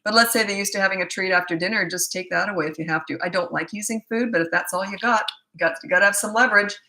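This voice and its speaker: This middle-aged female parenting coach answers viewer questions in a live Q&A. Her voice is medium-pitched with a sharp tone and very fast delivery, and she speaks bluntly, with no filter, often laughing at herself.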